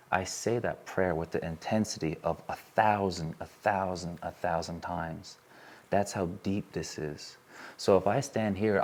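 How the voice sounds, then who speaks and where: A man giving an earnest, emotional talk to a live audience from a stage, repeating phrases as he builds intensity and then softens. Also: low voice. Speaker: workshop speaker.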